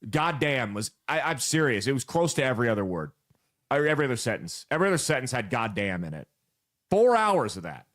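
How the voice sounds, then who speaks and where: A man's voice: medium pitch, very animated, a little fast, a bit bright. A man from the American Midwest delivers casual political commentary in a blunt, sarcastic way. His voice rises and falls a lot as he talks.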